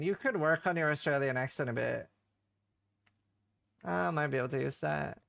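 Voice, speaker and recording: A man's voice: a little high, moderate pace, creaky, fairly bright tone. A man streaming a game, chatting casually and playfully while joking about accents. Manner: playful, jokey, tries out accents. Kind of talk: casual chat while gaming.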